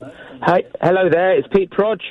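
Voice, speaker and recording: A man's voice: high voice, measured pace. A man calling into a radio show to chat about his comedy gigs, on a phone line. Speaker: caller, comedian.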